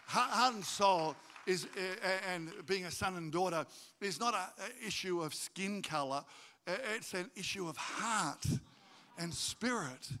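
A man preaching a sermon to his congregation, animated and jokey, acting out stories in high voices. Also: a little slow. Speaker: pastor. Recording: reverberant hall.

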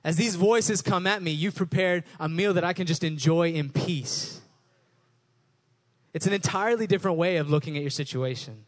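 A young adult male pastor with a somewhat high-pitched voice delivers a sermon. His delivery is conversational rather than formal, with frequent restarts and repeated words as he works his thoughts out aloud. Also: moderate pace.

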